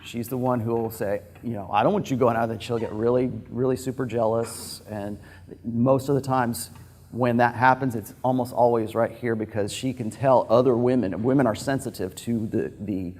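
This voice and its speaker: A man's voice: medium pitch, steady tone, moderate pace, darkish tone. A man giving an informal, frank lecture to a group in a loose, digressive way. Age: adult with a daughter.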